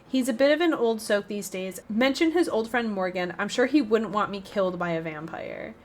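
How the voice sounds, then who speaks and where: A worried villager pleads with an adventurer for help against a vampire, as a woman reads him out. The read is earnest and close to her own voice. The pitch sits in a middle range. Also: lively intonation, moderate pace, natural voice. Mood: pleading.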